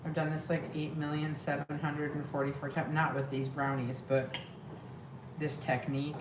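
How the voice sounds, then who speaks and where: A woman's voice: sits low, little pitch movement, normal speed. A woman hosting a casual live cooking demo from her home kitchen, chatty and scattered, talking straight to her viewers. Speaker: weight-loss coach hosting a live cooking stream. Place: home kitchen with pets and family about. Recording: echoey room with clear background noise.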